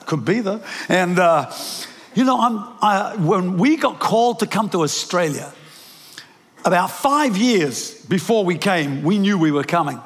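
A man's voice: high-pitched, lively intonation, measured pace. An older man with a New Zealand accent preaching a sermon, telling stories with lots of restarts and self-deprecating asides. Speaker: pastor. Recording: preached in a large reverberant hall.

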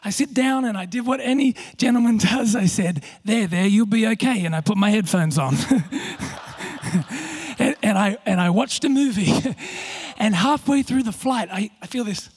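A man preaching, his voice sitting very high and sounding husky. He tells a story with self-mocking humour, stumbles over his words and restarts often, and the congregation laughs along. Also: normal speed. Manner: storytelling with self-deprecating humor, frequent restarts. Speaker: pastor. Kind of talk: sermon.

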